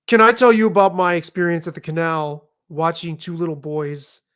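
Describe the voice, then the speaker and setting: A middle-aged man telling stories in a casual chat, animated, emphatic and liberal with swearing. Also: a little high, normal speed, clean tone. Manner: animated, profane, emphatic storytelling. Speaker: podcast guest.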